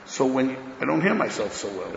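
A man giving a Torah lecture in an emphatic, loud way, swinging between declarations and muttered asides, recorded dull in an echoey hall. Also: medium pitch, big pitch swings, brisk, vocal fry, a little hiss or hum. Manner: talks loudly, says he is hard of hearing. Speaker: rabbi giving a Torah class.

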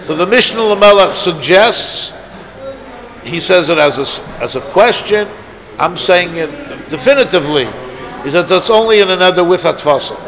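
A man's voice: high voice, lively intonation, moderate pace, a bit bright. A man giving a Talmud lecture to his students, arguing his points aloud with emphasis. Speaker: Talmud teacher. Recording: noisy class of listeners.

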